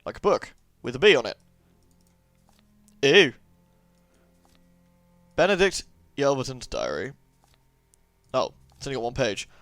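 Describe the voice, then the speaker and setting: Joking let's play commentator. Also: male voice, medium pitch, huge pitch swings, measured pace, long pauses, a bit bright, no echo. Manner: joking, sarcastic, chatty. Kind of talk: gameplay commentary.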